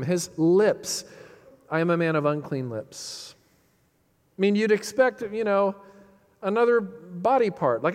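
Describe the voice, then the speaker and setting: Emphatic preacher man in a reverberant hall. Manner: emphatic, rises on key phrases then drops low and quiet; dramatic pauses, quotes lines with feeling. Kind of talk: sermon.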